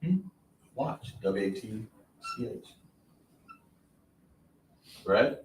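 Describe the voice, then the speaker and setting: A man's voice: on the low side, big pitch swings, drawn-out words, slight background noise. A man teaching a class at a board, repeating words and quizzing his students with questions. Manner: repetitive, question-and-answer teaching style. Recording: echoey room, voice from a distance.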